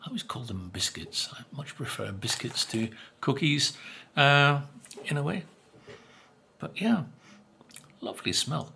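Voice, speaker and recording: A man's voice: mid-range voice, sing-song, a little slow, creaky, pauses often, sharp tone, slight background noise. An older man, chatting casually while tasting biscuits, musing with plenty of fillers and speaking with his mouth full at times. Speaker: vlogger. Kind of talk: casual food review.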